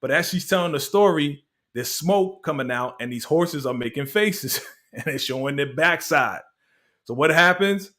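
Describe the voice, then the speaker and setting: A man's voice: a little high, expressive, moderate pace, bright, forceful tone. A man hosting a casual show recap, telling it like a story in slangy talk and laughing often. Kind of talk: casual review chat.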